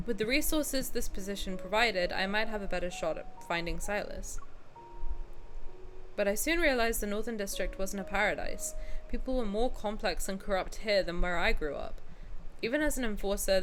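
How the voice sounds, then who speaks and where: A young adult woman streaming a game, chatting casually and reading the story aloud, excitable and prone to swearing and sudden loud outcries. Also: mid-range voice. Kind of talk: casual gaming reaction stream.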